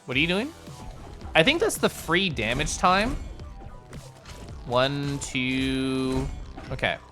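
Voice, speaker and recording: A game streamer talking live over play, chatty and teasing, with a pitch that leaps around a lot. Faint game music runs softly underneath. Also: lively intonation, slow. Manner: chatty and playful, joking with chat. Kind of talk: live gameplay commentary.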